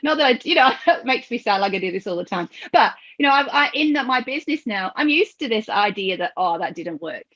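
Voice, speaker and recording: Animated woman hosting a podcast. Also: high voice, quick pace, few pauses. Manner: animated storyteller who acts out quoted voices and laughs often. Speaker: podcast host. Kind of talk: conversational podcast discussion. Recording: dull lo-fi audio.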